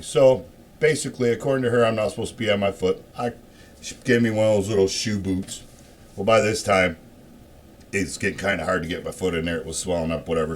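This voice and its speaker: A middle-aged man telling a rambling, profane story in a casual rant, swearing often and getting louder and more worked up as he goes. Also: deep voice, a little hiss or hum. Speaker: show host.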